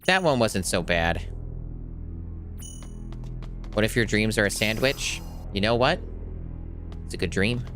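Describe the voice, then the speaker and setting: A man's voice: lowish voice, expressive, unhurried, long pauses, fairly bright tone, faint music behind. A young man casually commenting while playing a game blind, joking, rambling and swearing now and then. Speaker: blind let's play streamer.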